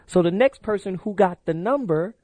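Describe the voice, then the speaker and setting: Speaking into a studio microphone with no room sound, this middle-aged radio talk show host has a high-sitting, darkish voice with lively intonation and a moderate pace. He's loose and brash on his late-night call-in show, spinning stories and plugging the phone number.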